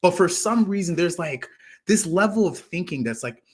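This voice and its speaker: A man's voice: high voice, normal speed. An American man talking football in a casual podcast chat, rambling and restarting his sentences. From United States. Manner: rambling, restarts phrases, lively swings in loudness.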